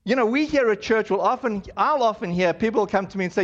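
A man's voice: high-pitched, quick pace, fairly bright tone. A man preaching a sermon as pastor, in a loose, conversational way with many fillers and restarts, on dull lo-fi audio.

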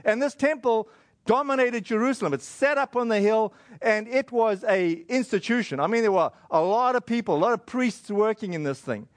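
A man, giving a casual, conversational sermon that retells a scripture story, with fillers and quick acted asides. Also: high-pitched, no echo. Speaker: preacher.

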